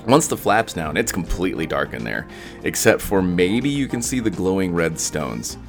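A man's voice: low voice, sing-song, normal speed, soft background music. A man recounting a personal experience in a casual, rambling way, full of fillers and restarts. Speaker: storyteller.

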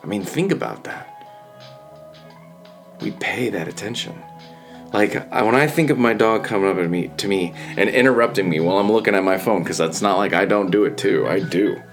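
A man's voice: lowish voice, moderate pace, faint music behind. A man giving an earnest, conversational motivational monologue, often repeating phrases for emphasis. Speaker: speaker giving a reflective talk.

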